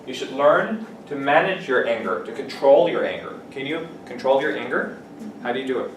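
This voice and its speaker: Picked up from a distance in an echoey classroom with a gentle hum of room noise, a male English teacher covers vocabulary. He gives example sentences and quizzes his students. His voice is medium-pitched and expressive, and he talks at a normal speed.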